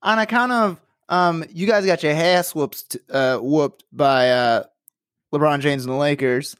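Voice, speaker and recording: A man's voice: a little high, fairly even intonation, measured pace, smooth, no echo, clean studio sound. A young man hosting a casual podcast, joking and swearing as he talks. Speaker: podcast host.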